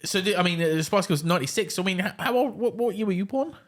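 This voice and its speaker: A man's voice: high voice, lively intonation, quick pace. A man hosting a comedy podcast, chatty and teasing, reading a blurb aloud and then giving up on it. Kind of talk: casual podcast banter.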